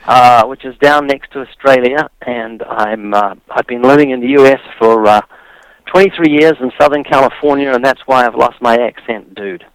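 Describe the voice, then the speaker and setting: A man's voice: mid-range voice, moderate pace, clear, resonant tone, dry recording, poor audio. A man from New Zealand with a New Zealand accent, a radio interview guest who tells his story with dry humor.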